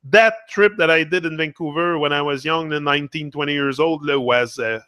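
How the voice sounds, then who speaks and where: A man's voice: a little high, moderate pace, sharp tone, clear, resonant tone, no room sound, studio quality. A young man from Quebec with a Québécois French accent, speaking as a motivational host in a blunt, casual monologue, swearing freely and repeating himself. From Quebec, Canada.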